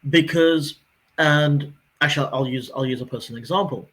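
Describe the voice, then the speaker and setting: A man in his forties chatting on a podcast, his voice sitting a little high for a man. He tells stories with energy and slips into the voices of the people he quotes. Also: moderate pace. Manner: animated storyteller who acts out quoted dialogue. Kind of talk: casual podcast chat, personal storytelling.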